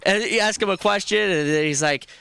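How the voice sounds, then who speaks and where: A man's voice: high-pitched, brisk, pushed and bright, clear, resonant tone. A man recapping fight injuries eagerly on a radio show, with many fillers. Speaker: sports co-host. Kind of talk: casual sports recap. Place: radio studio.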